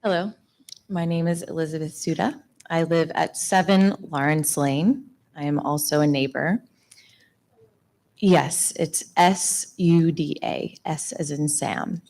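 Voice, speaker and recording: Woman, 30s, deep-pitched; earnest, articulate public comment at a town meeting podium. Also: slow pace, a little mellow. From Long Island, New York. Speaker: resident speaking at public hearing. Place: town hall meeting room.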